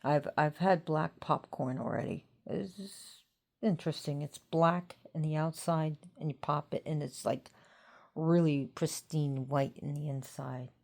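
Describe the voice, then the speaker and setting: A tired woman talking casually about an old god, rambling and pausing to think. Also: low voice, vocal fry, a little mellow. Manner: rambling, unhurried, pauses to think. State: tired, yawning. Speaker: host of a mythology talk. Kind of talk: casual talk to camera.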